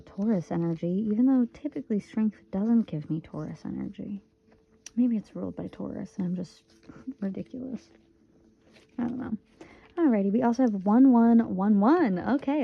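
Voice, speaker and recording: Speaking at a medium pitch over narrow, tinny audio, a woman in her twenties from Michigan offers an earnest, casual tarot reading. She repeats phrases to stress her points.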